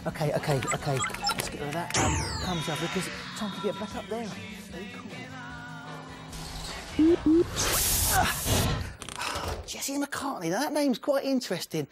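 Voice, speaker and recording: A man's voice: sits high, expressive, fairly quick, few pauses, loud music behind the voice. A man presenting children's TV, talking in a cheeky, jokey, chatty way. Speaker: kids' TV presenter. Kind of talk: playful presenting and chat.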